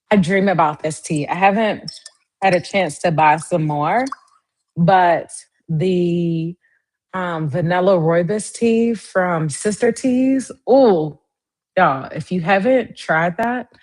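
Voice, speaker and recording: Chatty woman hosting a live stream. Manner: chatty, addresses viewers directly; lively, swings up high in pitch. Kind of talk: casual live-stream chat.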